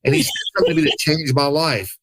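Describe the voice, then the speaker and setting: A man telling his life story as a podcast guest, animated, acting out the people he quotes and laughing often. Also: fairly high pitch, fast talker, husky, low-quality recording. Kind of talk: casual storytelling.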